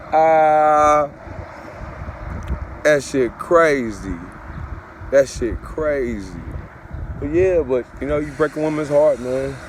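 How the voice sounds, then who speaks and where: A man's voice: a little high, extremely slow, long pauses, slight background noise. A father telling a personal story in a casual, profane, repetitive way, looping back over the same phrases.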